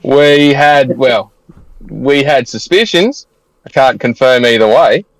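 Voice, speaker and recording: A man's voice: medium pitch, slow pace, rough recording. A man with an Australian accent, chatting bluntly and jokily as a panelist on a gaming podcast, swearing casually. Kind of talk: casual chat.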